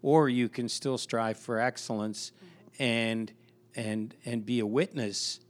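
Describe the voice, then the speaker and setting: Man telling a story in an easy, even voice. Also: mid-range voice, slow pace. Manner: storytelling, many restarts and repeated words. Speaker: pastor. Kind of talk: casual podcast conversation.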